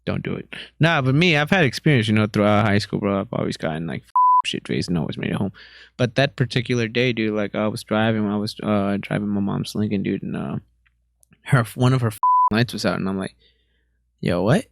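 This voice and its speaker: A man's voice: fairly low pitch, fairly quick, vocal fry, no echo. A young man, a podcast guest, telling rambling, slangy stories in a laid-back way. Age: young adult. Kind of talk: casual storytelling.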